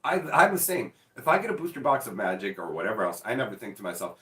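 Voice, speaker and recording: A man's voice: medium pitch, fast, few pauses, roomy sound, far from the mic. A man chatting casually as host, telling stories with acted-out back-and-forth and blunt swearing. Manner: animated storyteller, acts out mock dialogue, swears freely. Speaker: show host. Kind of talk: casual chat.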